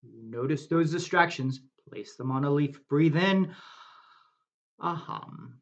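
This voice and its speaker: A man from New Jersey leading a guided meditation in a slow, gentle way with long pauses. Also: a little high, lo-fi sound.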